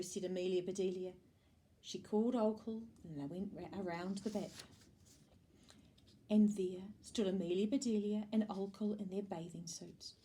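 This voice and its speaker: A woman with a New Zealand accent reading a children's storybook aloud, with an expressive delivery and small slips and restarts. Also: mid-range voice, normal speed.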